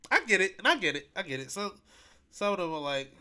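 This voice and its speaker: A man with a slightly higher-than-usual voice hosts a podcast on his own. He chats casually and rambles, repeating himself and leaning on slang and fillers. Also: very animated, fast talker, bright, forceful tone. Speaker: podcast host. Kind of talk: casual solo podcast chat.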